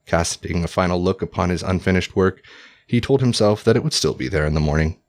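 A man narrating a historical story in a measured, formal audiobook style. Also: deep voice.

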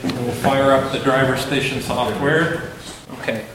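A man from a robotics team speaking in a measured, slightly hesitant way with fillers. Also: mid-range voice, fairly even intonation. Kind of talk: casual chat. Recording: echoey room with noise.

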